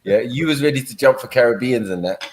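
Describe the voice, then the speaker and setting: A man's voice: medium pitch, brisk, a little hiss or hum, low-quality recording. A man co-hosting a livestream, telling stories in slang and repeating himself as he goes. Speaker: livestream co-host. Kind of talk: casual chat.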